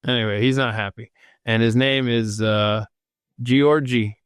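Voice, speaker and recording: A man's voice: fairly low pitch, steady tone, moderate pace, a bit bright, smooth, no echo, studio quality. Rambling jokey man on a podcast. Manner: rambling and jokey, reading aloud and stopping to riff. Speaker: podcast host. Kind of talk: casual solo podcast monologue. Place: home studio.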